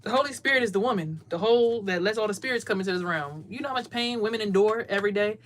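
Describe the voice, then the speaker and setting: Broadcasting a laid-back livestream from a cramped closet, this woman does card readings in a mid-range voice at a quick clip, with a little hiss or hum on the audio. Her delivery is preachy and forceful, full of repeated words and loud imitations of other people.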